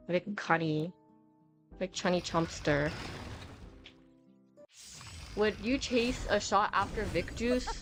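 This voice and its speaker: A woman's voice: medium pitch, a bit bright. A young woman streaming a game, chatting casually, teasing her friend and swearing often. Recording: game music behind voice.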